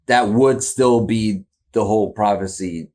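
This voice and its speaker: A man's voice: fairly low pitch, measured pace, darkish tone. A man hosting a reaction video, talking in a loose, rambling way, asking incredulous questions and laughing often. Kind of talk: casual reaction commentary.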